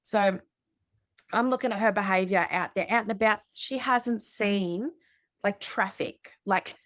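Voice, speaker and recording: A woman's voice: mid-range voice, a little slow, no echo, studio quality. Chatty woman host. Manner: chatty, animated, many fillers. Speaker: podcast host. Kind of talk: casual storytelling chat.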